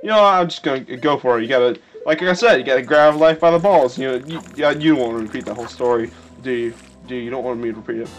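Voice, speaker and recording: A young man hosting a game playthrough, rambling and joking with sudden excited yelps. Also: medium pitch, fast talker, hardly any pauses. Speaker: let's play host. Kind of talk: casual gameplay commentary. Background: faint video game music.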